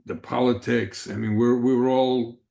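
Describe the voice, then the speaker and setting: A man in his seventies from New York City, recalling his childhood in a relaxed way during an oral history interview. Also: medium pitch, normal speed, creaky. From the Bronx, New York City. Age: 70s.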